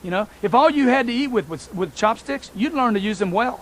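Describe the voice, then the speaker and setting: High-voiced emphatic male motivational speaker. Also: animated, brisk, a bit bright, slight background noise. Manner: emphatic, repetitive, addresses listeners as folks. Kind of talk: motivational talk.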